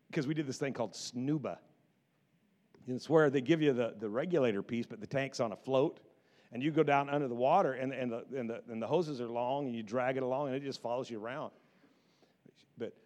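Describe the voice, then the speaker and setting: A middle-aged man preaching a sermon as pastor, animated, often repeating words and acting out quotes from scripture. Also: mid-range voice.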